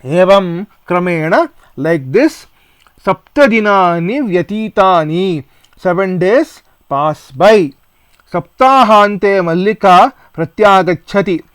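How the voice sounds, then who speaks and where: A man's voice: high-pitched, animated, slow pace, fairly bright tone, clear, resonant tone, no echo. A man with an Indian English accent teaching a Sanskrit lesson, reading a textbook play phrase by phrase and explaining each phrase in English.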